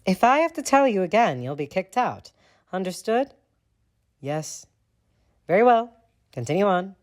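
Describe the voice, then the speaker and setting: A man voicing a strict older woman librarian who scolds in sharp commands. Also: high voice, very animated, measured pace, pitched above the performer's own voice. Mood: scolding.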